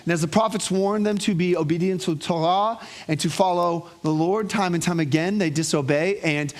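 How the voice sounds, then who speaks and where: A man's voice: high-pitched, moderate pace. A man preaching to his congregation, telling stories with animation and calling for responses from the room. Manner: animated storytelling with call-and-response. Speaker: pastor. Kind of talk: sermon.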